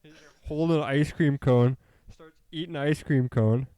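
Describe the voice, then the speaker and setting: A man's voice: on the high side, fairly even intonation, moderate pace, mellow, clear, resonant tone. A young man co-hosting a casual chat show, rambling and laughing as he tells stories. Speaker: co-host.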